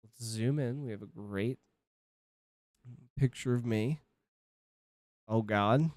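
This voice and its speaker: A thirty-something man rambles profanely on a casual home livestream, often cutting off his own thoughts. He speaks slowly in a mid-range voice with a darkish tone, and there is no echo.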